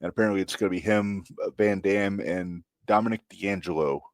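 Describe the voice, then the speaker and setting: Low-voiced man co-hosting a podcast. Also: fairly quick, no room sound. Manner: relaxed, filler-heavy, chatty. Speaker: podcast co-host. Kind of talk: casual chat.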